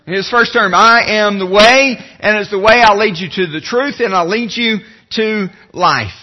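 High-voiced pastor preaching a sermon. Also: male voice, dull audio. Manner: earnest preaching, slows and drops low when reading scripture. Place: church sanctuary.

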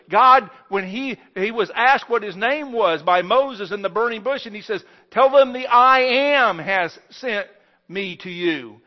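A man preaching a sermon as pastor, emphatic, swinging between loud stressed phrases and quiet ones. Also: high voice, highs cut off.

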